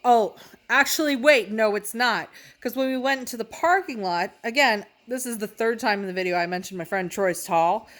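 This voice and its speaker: A woman's voice: on the high side, moderate pace, fairly bright tone. A young woman telling funny stories in a brash, profane, self-mocking way, laughing as she talks. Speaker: comedic storyteller. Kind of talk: casual storytelling.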